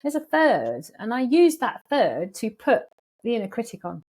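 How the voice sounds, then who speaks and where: Husky and on the high side, a woman psychologist talks at normal speed as a guest in a casual interview. She's animated and lively, voicing anxious thoughts in quoted voices.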